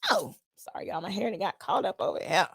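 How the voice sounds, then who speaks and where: A woman hosting a casual solo podcast, talking straight to her listeners. Her delivery is sassy and emphatic, full of sharp rhetorical questions. Her voice sits at an ordinary pitch for a woman, and the sound is dry and close with no room echo. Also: animated, fairly quick, creaky, breathy edge. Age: adult with children. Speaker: podcast host.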